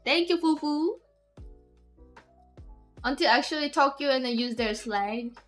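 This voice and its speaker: A woman's voice: sits high, unhurried, long pauses, soft background music. A woman streamer, chatting casually and rambling with many restarts and giggles. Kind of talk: casual live-stream chat.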